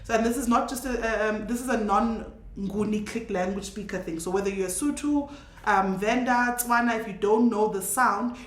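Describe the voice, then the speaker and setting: A woman teaching a casual language lesson, patiently repeating words slowly so listeners can hear each sound. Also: on the high side, echoey room, slight background noise.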